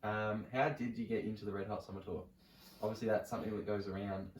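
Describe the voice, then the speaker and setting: A man's voice: fairly low pitch, fairly even intonation, quick pace, crowd noise. A man hosting a podcast, asking questions in easygoing, casual interview chat. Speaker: podcast host. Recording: roomy, from a distance.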